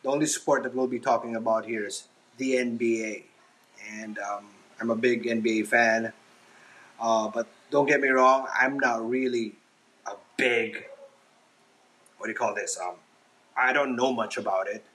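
A man's voice: medium pitch, steady tone, moderate pace, a bit bright, low-quality recording. A man hosting a casual solo podcast from his kitchen while he washes dishes, talking hesitantly and self-consciously with many ums and restarts. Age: adult father. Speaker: podcast host. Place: home kitchen, washing dishes.

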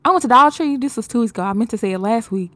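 A woman's voice: on the high side, expressive, racing, sharp tone, no echo. A woman co-hosting a podcast in casual chat, telling a story with lots of swearing and acting out the people in it. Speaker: podcast co-host.

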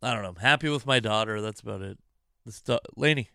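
A man's voice: fairly low pitch, fast talker, creaky, pushed and bright, no room sound, clean studio sound. Exasperated, swearing man ranting to his mic. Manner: exasperated, profane, rambling. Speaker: comedian and podcast host. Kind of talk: casual self-deprecating monologue.

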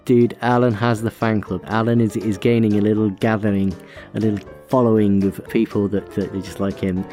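Give me a man hosting a casual podcast chat, deep-voiced and easygoing. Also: brisk, faint music behind. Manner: relaxed, chatty, with some restarts. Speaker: podcast host.

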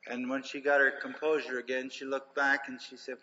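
A man's voice: medium pitch, little pitch movement, brisk, hardly any pauses, bright, forceful tone. An older man preaching a sermon, telling folksy stories with emphasis. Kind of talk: sermon storytelling. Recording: dull lo-fi recording in a reverberant hall.

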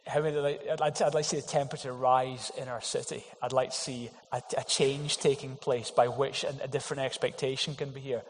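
A man's voice: mid-range voice, little pitch movement, brisk, hardly any pauses, a little hiss or hum. Earnest preaching man in echoing hall. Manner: earnest, emphatic preaching with rhetorical questions. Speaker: pastor. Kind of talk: sermon. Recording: long hall reverb.

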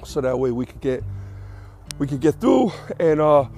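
A man's voice: fairly high pitch, very animated, moderate pace, warm tone, soft background music. A man hosting his own podcast in casual solo chat, rambling and correcting himself, a little out of breath. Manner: rambling, self-correcting, chatty. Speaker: podcast host.

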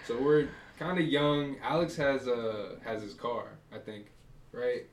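A man's voice: mid-range voice, fairly even intonation, unhurried, reverberant, a little hiss or hum. A man hosting a podcast in casual chat, talking in a laid-back, slangy way and calling people bro. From New Jersey.

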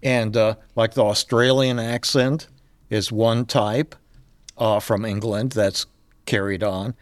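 A man's voice: on the low side, steady tone, slow, no room sound. An older man, a podcast guest, talking casually and telling stories with frequent chuckles. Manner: storytelling, chuckles often. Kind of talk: casual chat.

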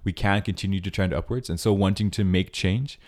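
A man's voice: low voice, fairly quick, a little mellow. A man co-hosting a podcast, talking earnestly and thoughtfully in casual chat, with many fillers. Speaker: podcast co-host.

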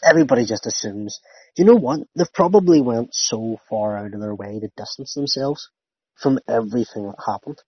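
Young man, husky, lowish voice, casual swearing chat, rambling, dull lo-fi recording. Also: fairly quick. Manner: swears freely, rambling and animated. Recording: dull lo-fi sound.

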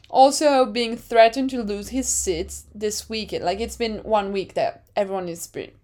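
A young woman chatting casually as a podcast co-host. She gets excited, swears, and acts out her own reactions. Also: medium pitch. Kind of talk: casual chat.

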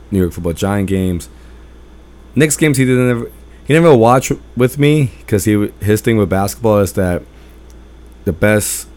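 A man hosting a podcast, telling personal stories in a loud, emphatic, rambling way. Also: sits low. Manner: rambling with restarts and fillers. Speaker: podcast host. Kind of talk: casual personal storytelling monologue.

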